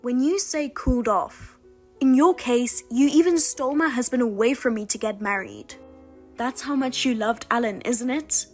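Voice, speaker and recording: A woman's voice: on the high side, moderate pace, faint music behind. A woman narrating her own story in the first person, reproachful and indignant toward her sister. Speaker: narrator and wronged wife.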